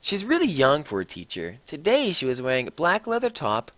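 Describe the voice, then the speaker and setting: Mocking man with a lively voice. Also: on the high side, a little fast, no echo. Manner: mocking, exaggerated, swears freely. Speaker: reader. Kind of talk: comedic dramatic reading of fan fiction.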